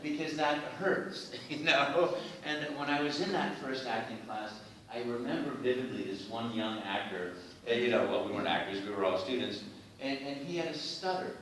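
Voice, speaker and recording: A man, a voice actor guest at a fan event, telling stories in an expressive, animated way, often saying "you know.". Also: mid-range voice, moderate pace, slight background noise. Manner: expressive, frequent "you know" fillers, acts out quotes. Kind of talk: animated storytelling. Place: large indoor venue. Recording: echoey hall, mic far off, faint ambience.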